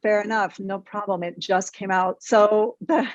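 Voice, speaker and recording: Woman, therapist guest on a podcast; frank, lively delivery, dry dull-sounding mic. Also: mid-range voice, measured pace, dry recording. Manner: frank and energetic, mild swearing. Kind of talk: podcast interview.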